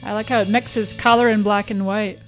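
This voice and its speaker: A woman in her fifties from Canada with a Scottish accent, hosting a live-streamed software tutorial in a chatty, upbeat way and talking straight to her viewers. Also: medium pitch, fairly even intonation, normal speed, faint music behind. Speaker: host of a live social media training.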